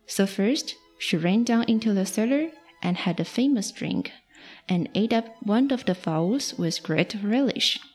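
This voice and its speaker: A woman volunteer storyteller reading a fairy tale aloud to children in a slow, expressive read-aloud. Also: mid-range voice, soft background music.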